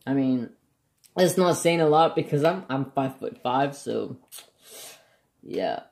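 Slow-talking, joking man. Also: mid-range voice, expressive, creaky, a little mellow. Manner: chatty, joking, self-deprecating. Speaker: craft vlogger swatching markers. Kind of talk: casual chat.

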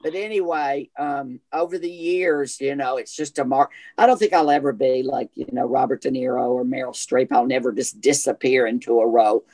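A man with a strong Southern US accent and a voice he calls gay, talking as an actor guest in an interview. He tells his stories in a chatty, animated way, hopping from thought to thought. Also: medium pitch, normal speed, few pauses. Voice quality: self-described gay voice. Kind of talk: casual interview chat.

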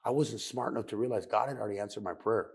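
This middle-aged podcast guest recounts his recovery from addiction in a rapid, intense, foul-mouthed and blunt way. He has a fairly low, creaky voice with a slightly rough edge.

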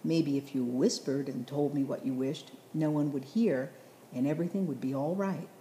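A woman's voice: low-pitched, normal speed, reverberant, slight background noise, natural voice. Kindly teasing old grandpa, read by a woman. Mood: fond. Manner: gently teasing, chuckling.

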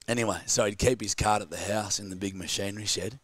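A man's voice: on the low side, steady tone, fast, few pauses, fairly bright tone, no room sound. A young man with an Australian accent, laid-back and crude, telling a casual story. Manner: laid-back, crude, reacting with short agreements.

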